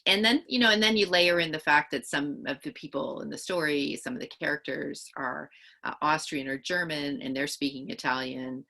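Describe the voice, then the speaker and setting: A woman's voice: low-pitched, normal speed, vocal fry, sharp tone. A woman author answering interview questions, thinking aloud at length and often restarting her sentences. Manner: thoughtful, explaining at length with many restarts.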